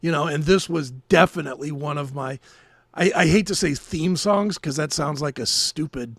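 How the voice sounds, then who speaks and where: A man co-hosting a podcast, telling a story in casual chat, animated and swearing freely. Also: a little high, normal speed, no room sound, clean studio sound. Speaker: podcast co-host.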